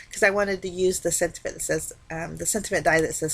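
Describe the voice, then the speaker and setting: A woman talking casually through a card-making tutorial, explaining each step in a relaxed, chatty way. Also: fairly low pitch, brisk, few pauses, slightly rough. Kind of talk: casual craft tutorial narration.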